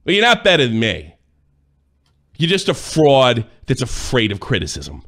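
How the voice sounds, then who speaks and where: A man's voice: mid-range voice, huge pitch swings, normal speed. Furious man ranting. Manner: angry, profane, accusing, sometimes shouting. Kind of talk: heated rant.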